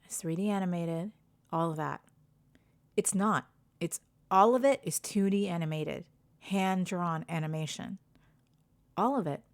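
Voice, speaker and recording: A woman's voice: on the low side, measured pace, pauses often. A woman co-hosting a casual podcast, talking in an enthusiastic, emphatic way and swearing now and then. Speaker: podcast co-host. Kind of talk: casual chat. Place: home, live-streamed podcast.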